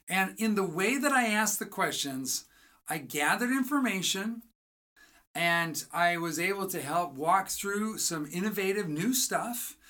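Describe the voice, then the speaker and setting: Energetic and motivational, a writing coach speaks in a mid-range voice that is bright and forceful. The lesson is built around rhetorical questions aimed at the listener and small acted-out exchanges.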